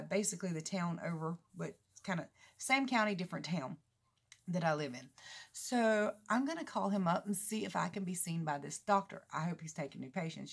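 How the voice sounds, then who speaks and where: Woman, 40s, gravelly, talkative vlogger, rambling and laughing. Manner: chatty, rambling, laughs a lot, mimics others in high voices. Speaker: keto vlogger. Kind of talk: casual chat to camera.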